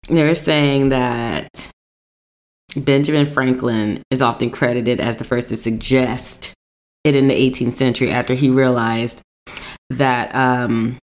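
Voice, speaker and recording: Low-voiced woman, animated casual storyteller. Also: a little slow. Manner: animated storytelling, jumps high when quoting herself; profane, laughs often. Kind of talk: casual chat.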